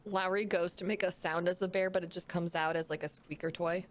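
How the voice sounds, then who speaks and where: Woman player, lowish voice, quick offhand delivery. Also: fairly even intonation. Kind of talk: casual tabletop play.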